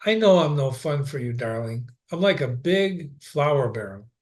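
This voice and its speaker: A man's voice: medium pitch, sing-song, unhurried. A man reading the part of a pregnant young woman, lightly playful and affectionate with her husband. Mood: tender.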